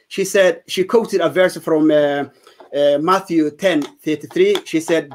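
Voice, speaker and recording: A man from Somalia telling his conversion testimony in an interview, speaking in halting English with many fillers and restarts. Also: on the high side. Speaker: guest giving testimony.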